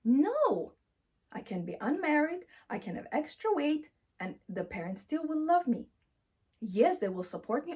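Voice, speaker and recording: A woman's voice: high-pitched, big pitch swings, measured pace, a little mellow. A woman giving a motivational self-help talk, emphatic and affirming, who repeats encouraging phrases and speaks English with slightly non-native grammar.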